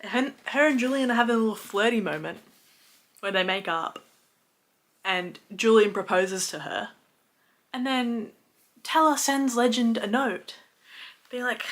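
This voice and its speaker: A young woman in her twenties, casually recapping a book series with animated exasperation and frequent swearing. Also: on the high side, a little slow, long pauses. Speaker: book reviewer.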